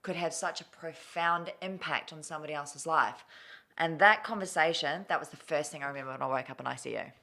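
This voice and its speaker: A woman speaks in a notably low register. She tells her story candidly and with feeling, swearing casually as she goes. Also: fairly quick, pushed and bright. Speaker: guest.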